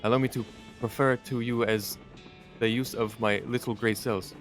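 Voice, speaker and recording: A portly French sleuth holds forth with slow, self-important grandeur in a put-on French accent, as a man voices him for a game. The voice sits at a middling pitch, and faint game music plays beneath it. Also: fairly even intonation, lightly acted. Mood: pompous.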